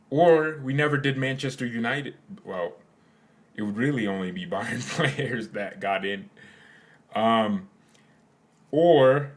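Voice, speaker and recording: A man's voice: mid-range voice, fairly bright tone. A young man hosting a fan channel, chatting casually with his viewers in a rambling, joking way. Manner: rambling, joking, trails off into silly asides. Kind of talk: casual live chat with viewers.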